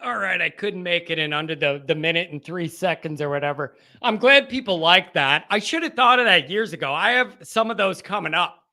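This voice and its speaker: A high-voiced man hosts a live football call-in show. His voice is very bright and cutting. He chats easily with callers but tips quickly into excited, shouted rants.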